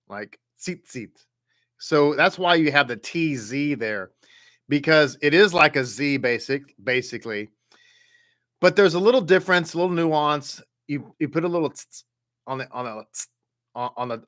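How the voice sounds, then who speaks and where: Slow, patient male Hebrew teacher. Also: a little high, a bit bright. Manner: patient, repeats sounds slowly for learners; halting restarts, frequent "okay?" check-ins. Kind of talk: online class instruction.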